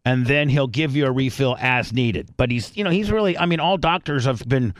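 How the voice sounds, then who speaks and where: A man's voice: mid-range voice, brisk, no room sound, studio quality. Profane rambling male radio host. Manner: rambling, profane, many restarts. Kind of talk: casual crude chat.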